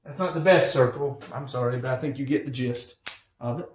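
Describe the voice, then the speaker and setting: A man's voice: medium pitch, fairly quick. Rambling male physics teacher, echoey room. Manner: rambling, chatty, with many asides. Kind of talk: casual recorded lecture. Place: home. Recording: echoey room, faint noise.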